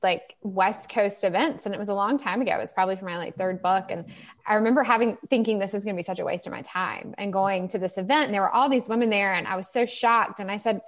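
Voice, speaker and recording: A woman novelist from the American South who tells stories in an animated, chatty way, often filling her sentences with "like". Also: medium pitch, fast. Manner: animated storytelling, chatty, many "like"s. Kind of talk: casual conversation about writing.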